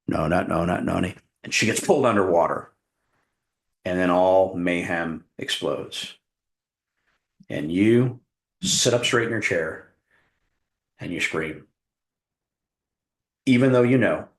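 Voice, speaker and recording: A middle-aged man from Arizona giving a workshop talk, telling a story with animated, acted-out scenes. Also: low voice. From Tucson, Arizona. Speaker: workshop presenter, hypnotist coach. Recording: roomy echo.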